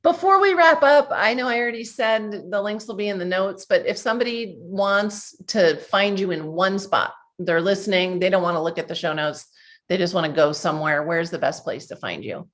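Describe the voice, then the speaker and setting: A woman's voice: mid-range voice, animated, moderate pace, a bit bright. A woman from New Jersey hosting a podcast interview, chatty and laughing often. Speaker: podcast host.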